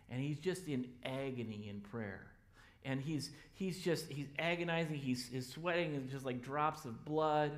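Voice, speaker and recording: A man preaching a sermon as pastor in a church, loud and energetic. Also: medium pitch.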